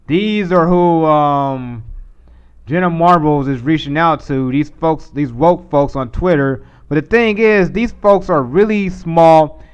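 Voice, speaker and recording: A man's voice: on the high side, takes it slowly, clear, resonant tone, muffled recording. A man hosting a live stream, commenting in a rambling, casual way over a clip he plays. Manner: rambling, restarts, mocking put-on voices. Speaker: live stream host reacting to videos.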